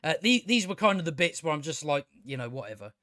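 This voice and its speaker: A man's voice: a little high, big pitch swings, fast, bright, forceful tone, dry recording, studio quality. A man giving a casual spoken review of a show, exasperated and ranting, swearing freely.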